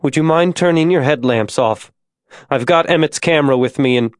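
A woman's voice: low voice, moderate pace, no echo, studio quality, voice pushed up, close to an everyday voice. A man reading an audiobook, voicing a grieving young woman who speaks through tears. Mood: tearful. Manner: tearful, hesitant.

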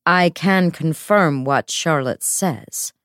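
A woman voicing a stony, composed young woman who speaks in a clear, measured voice. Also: sits low, fairly bright tone, no echo, studio quality. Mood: cold calm.

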